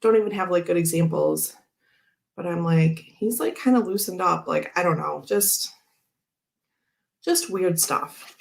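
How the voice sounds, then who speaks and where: A woman's voice: on the low side, measured pace, vocal fry, long pauses. A woman hosting a casual chat, telling a rambling story full of fillers and frequent laughs. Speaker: tarot channel host.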